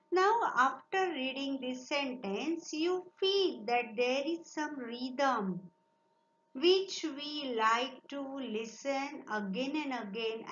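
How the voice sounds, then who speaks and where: An Indian English woman, a Marathi speaker, teaches children in a slow, encouraging classroom manner and reads sentences aloud for them to repeat. Her voice sits a little high. The recording is roomy and lo-fi with a faint hiss. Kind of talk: online classroom lesson for children.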